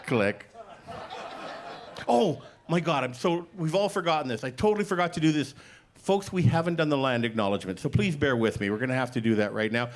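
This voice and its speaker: A middle-aged man performs stand-up on stage, his somewhat high voice swinging widely through each joke. He lands punchlines deadpan and plays both sides of the stories he tells. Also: brisk. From Canada. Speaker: stand-up comedian. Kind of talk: stand-up comedy set. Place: comedy stage before a live audience.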